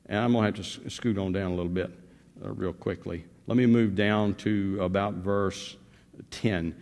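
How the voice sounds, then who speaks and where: An older man preaching a sermon, telling folksy family stories and moving between quiet asides and loud urging. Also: fairly low pitch, steady tone, moderate pace, long reverb tail. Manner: folksy storytelling, swings from soft asides to loud exhortation. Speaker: pastor.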